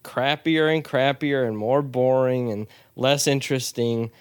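A young man in a casual movie review chat, with a smooth, clear, middle-pitched voice. He sounds blunt and offhand, swearing freely and laughing often. The recording is dry and close. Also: steady tone, unhurried, no echo. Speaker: podcast co-host.

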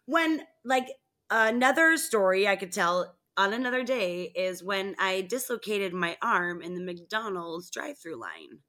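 A woman co-hosting a podcast tells funny stories in a casual chat, animated and laughing often. She has a medium-pitched voice and an unhurried delivery.

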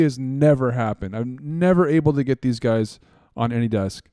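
A man hosting a podcast, telling stories in a rambling, excitable and profane way. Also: medium pitch, normal speed, smooth, no room sound, studio quality. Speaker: podcast host. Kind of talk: casual chat.

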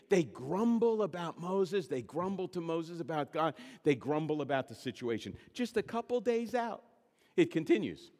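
A man's voice: high-pitched, lively intonation, normal speed, in a large hall. A man preaching a sermon, stressing and repeating key words. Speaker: pastor.

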